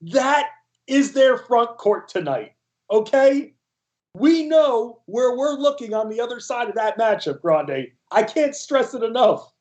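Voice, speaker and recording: High-pitched guy co-hosting a fantasy sports stream, animated, firing off questions. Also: unhurried. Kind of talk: casual live-stream chat.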